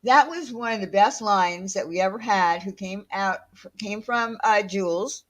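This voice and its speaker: A woman unhurriedly hosting a casual livestream, answering viewer comments as they come in. She talks bluntly, with plenty of fillers and some swearing. Her pitch sits in an ordinary middle range. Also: measured pace, highs cut off. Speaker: livestream host.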